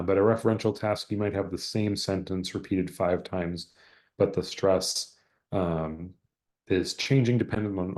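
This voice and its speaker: A man leading an online exam-prep teaching session over a video call, explaining at length and often pausing with fillers while he searches for words. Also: sits low, a little mellow. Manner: hesitant, many fillers and word searches.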